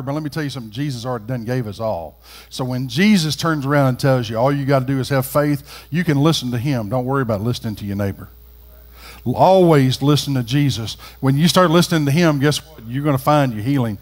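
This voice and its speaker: A middle-aged man preaching a sermon as pastor, folksy, swinging from quiet talk to loud, rising calls. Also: medium pitch, animated, a little fast. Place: church sanctuary.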